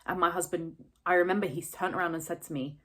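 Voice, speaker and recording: A woman's voice: fairly low pitch, steady tone, fast talker. A woman, telling a personal story to camera close to tears, candid and rambling, swearing freely. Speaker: vlogger.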